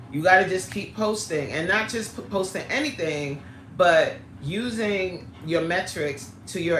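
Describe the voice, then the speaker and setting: A woman's voice: lowish voice, fairly bright tone, a little hiss or hum. A middle-aged woman coaching on a live stream, chatting casually, greeting viewers by name and laughing easily. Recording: roomy echo.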